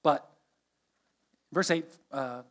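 High-voiced man preaching a sermon. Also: drawn-out words, a bit bright. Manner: earnest, explains scripture verse by verse. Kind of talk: expository sermon.

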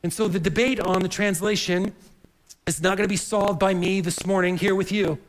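A man with a high voice delivers a morning sermon. He speaks earnestly and explains as he goes, often doubling words as he reaches for his point. A faint hiss sits under the recording. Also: fairly even intonation, moderate pace, rough recording. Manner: earnest, repeats words while searching for phrasing. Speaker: pastor.

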